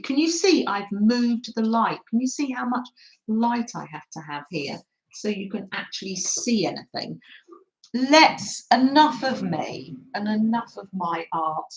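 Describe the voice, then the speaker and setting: A woman with a slightly high, expressive voice speaks at a measured pace while hosting a live craft stream from her home craft room. She rambles, pokes fun at herself, laughs often, and coos affectionately at her dog. The streaming camera on her table picks it up, giving a roomy, somewhat dull home-stream sound.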